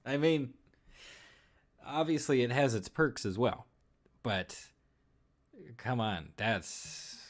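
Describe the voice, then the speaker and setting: A man's voice: medium pitch, slow pace, long pauses, faint music behind. A man casually chatting on a livestream while he draws, reading out chat comments and rambling about movies. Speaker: streamer.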